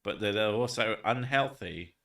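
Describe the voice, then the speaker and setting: A man's voice: on the low side, moderate pace, creaky, fairly bright tone. Guy rambling on a livestream, swears a lot, laughs, sounds a bit far from the mic. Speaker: streamer. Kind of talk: casual livestream chat.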